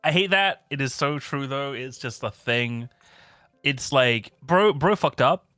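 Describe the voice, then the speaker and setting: A man's voice: medium pitch, expressive, measured pace, sharp tone, no echo, faint music behind. Laid-back young man on a dry mic. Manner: rambling, laid-back, swears and laughs often. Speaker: streamer. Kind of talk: casual chat.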